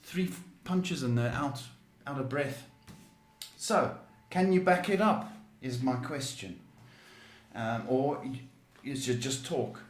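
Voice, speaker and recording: A man hosts a live tarot advice stream. He speaks slowly and gives blunt, emphatic guidance, often repeating himself. His voice rings in an echoey room. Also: medium pitch. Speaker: psychic tarot reader and show host.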